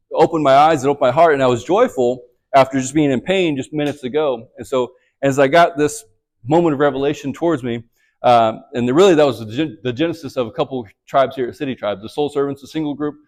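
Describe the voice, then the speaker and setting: A man's voice: on the high side, a little mellow. A man leading a men's church group, teaching a lesson and sharing his own testimony in a conversational way, often checking in with "right?".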